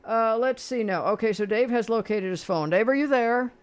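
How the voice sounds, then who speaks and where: A radio host, a man with a high voice for his sex, talks in a blunt, opinionated way. He chats easily with callers and quizzes them. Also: moderate pace, noisy background. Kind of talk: call-in radio quiz chat.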